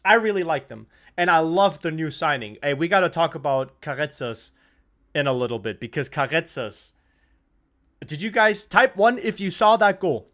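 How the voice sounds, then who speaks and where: A man's voice: fairly high pitch, normal speed. A young man hosting a live football watch-along stream, chatting casually, swearing freely and getting worked up over the play. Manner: excitable, swears freely, shouts and laughs at goals.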